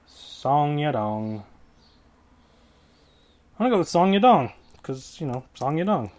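A man's voice: on the high side, big pitch swings, fast talker, a little mellow. Rambling, jokey male podcast host. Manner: rambling, jokey, self-correcting. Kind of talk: casual solo fight predictions.

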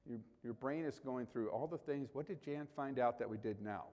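A man's voice: mid-range voice, normal speed, a little mellow, big-room sound. A male pastor preaching a sermon in a conversational way, rising sharply for emphasis.

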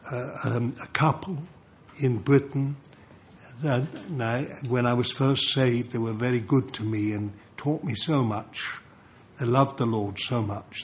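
An older man preaching a sermon, telling stories in an animated way and chuckling between points. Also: medium pitch. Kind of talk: sermon with storytelling.

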